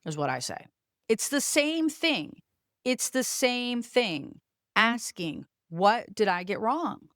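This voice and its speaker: A woman's voice: fairly high pitch, sing-song, slow, a bit bright, no room sound, clean studio sound. Emphatic woman with a light Virginia drawl. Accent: light coastal Virginia Southern. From coastal Virginia. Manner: emphatic, preachy, frank with casual swearing. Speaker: host, leadership coach. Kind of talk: motivational talk to camera.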